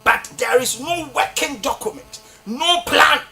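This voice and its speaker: A Ghanaian man with a Ghanaian accent giving fiery political commentary on a talk show, scolding and often shouting for emphasis. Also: very high voice, unhurried, creaky, faint music behind. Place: radio or TV studio.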